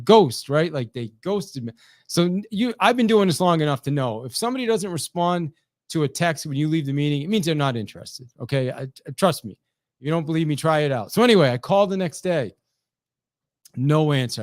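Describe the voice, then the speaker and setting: A middle-aged male sales trainer speaks with a fairly high, lively voice. He talks animatedly, restarts and repeats words, and keeps checking in with his listeners. The sound is dry and close, with no room echo. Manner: animated, repeats words, chatty asides with "right?". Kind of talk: energetic talk to camera.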